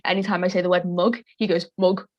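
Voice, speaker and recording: Young scouse woman chatting on a panel, lotta restarts, kinda monotone. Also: fairly low pitch, quick pace. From Liverpool, England. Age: young adult. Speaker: panel moderator, university student. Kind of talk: casual panel discussion. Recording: muffled lo-fi audio.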